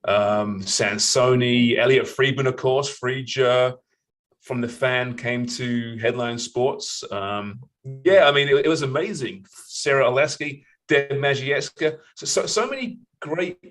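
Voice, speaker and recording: A man's voice: medium pitch, a little slow, a bit bright, poor audio. A middle-aged man as a podcast guest in casual interview chat, easygoing, laughing and self-deprecating.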